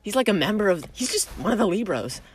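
A woman's voice: mid-range voice, big pitch swings, quick pace, breathy edge. A woman co-hosting a podcast in casual, giggly chat, rambling and restarting her sentences. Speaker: podcast co-host.

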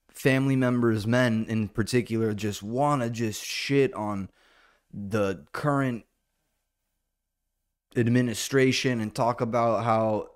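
A man hosting a solo comedy podcast in a rambling, profane monologue, now and then jumping into loud, high-pitched bits. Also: clear, resonant tone.

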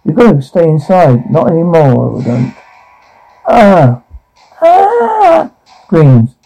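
A man performing a one-man audio drama, reading every part and the sound cues aloud, shouting and pleading in turns. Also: a little high, animated, takes it slowly, vocal fry, faint music behind, poor audio.

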